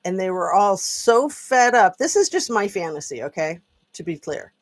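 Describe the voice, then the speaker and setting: A woman's voice: medium pitch, big pitch swings, moderate pace. A woman talking at home in a rambling, chatty political commentary vlog, often drifting off on tangents. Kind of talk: casual commentary monologue. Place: at home with a dog.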